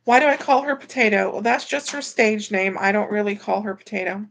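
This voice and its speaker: Chatty woman with a gravelly edge. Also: medium pitch, a little fast, a bit bright. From Florida. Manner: chatty, reads viewer comments aloud. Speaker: livestreamer and delivery driver. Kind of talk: casual livestream chat reading comments.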